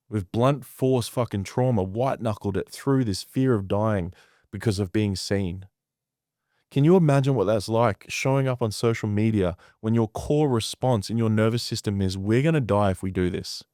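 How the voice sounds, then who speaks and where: A man's voice: mid-range voice, mellow, no room sound, clean studio sound. A man who works as a coach, telling stories in a podcast conversation, intense and emphatic, with heavy swearing.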